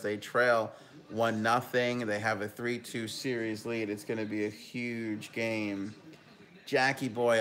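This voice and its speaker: Excitable man hosting a live hockey stream. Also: fairly low pitch. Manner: excitable, bursts of loud enthusiasm. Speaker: host of a live hockey talk show. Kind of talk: live stream reaction and chat reading.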